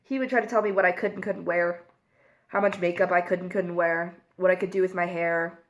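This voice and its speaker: A woman's voice: lowish voice, fairly even intonation, fairly quick. A young woman vlogger talking candidly and emotionally to camera, full of "like" fillers. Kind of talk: casual confessional vlog while eating.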